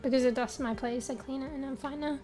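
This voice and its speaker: High-voiced female streamer with a tired, fading voice. Loose, rambling, sweary chat to viewers. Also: steady tone, quick pace, warm tone, faint music behind. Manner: rambling, casual, swears often. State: losing her voice.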